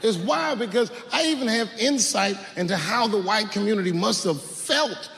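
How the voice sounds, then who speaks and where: Animated stand-up comedian, gravelly. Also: male voice, moderate pace, in a large hall. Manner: storytelling, swings from low mutters to loud outbursts.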